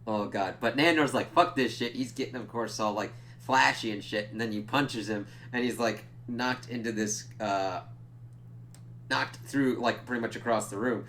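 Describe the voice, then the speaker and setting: A man giving a casual, rambling episode review, swearing freely and slipping into quick character impressions. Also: mid-range voice, steady tone, fairly bright tone, slight background noise. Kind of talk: casual spoken recap and review.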